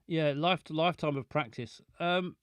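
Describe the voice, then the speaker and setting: A man's voice: a little high, moderate pace, clean tone, dry recording. A man chatting casually and jokily, often stumbling and repeating his words as he reads out viewer questions. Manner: stammering, repeats words, jokey. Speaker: streamer reading viewer questions. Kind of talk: casual chat.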